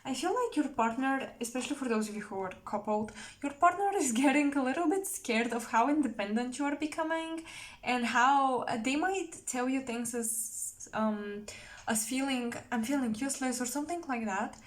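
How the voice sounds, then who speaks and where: A woman's voice: high voice, expressive, normal speed. A young woman giving a casual tarot reading, chatty and rambling, with many fillers and self-corrections. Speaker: tarot reader.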